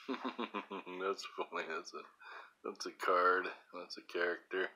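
A man rambles to his phone camera late at night, sleepy and unhurried. His voice sits a little low but sounds very bright and edgy. He chuckles at his own asides between drawn-out phrases. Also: fairly even intonation. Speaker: vlogger. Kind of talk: rambling self-filmed vlog.

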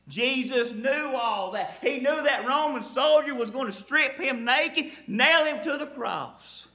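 A man preaching a sermon as pastor, fervent, swinging from loud cries to hushed drops. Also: very high voice.

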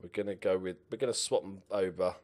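A man's voice: sits low, fairly even intonation, fast, darkish tone. A young man playing a football management game, muttering to himself and swearing at his players as he comments. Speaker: gaming channel host.

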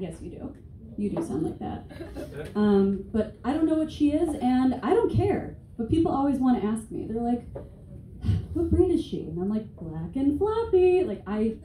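A woman's voice: mid-range voice, mellow. Sarcastic woman comic in her twenties. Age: 20s. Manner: sarcastic, profane and conversational. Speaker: stand-up comedian. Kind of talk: stand-up comedy set. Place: stage of a comedy venue. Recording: echoey room, distant mic, faint noise.

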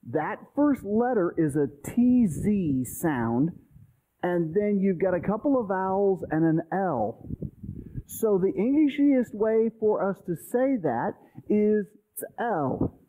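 A man's voice: high voice, dark tone. A male pastor teaching an informal Bible study class, explaining things conversationally with everyday examples and often checking in with "okay?". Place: church. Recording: tinny, phone-like sound.

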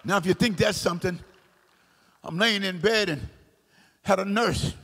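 High gravelly preacher man, shouting sermon. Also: normal speed. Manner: sing-song preaching cadence that builds into shouts. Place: large church hall. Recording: long hall reverb.

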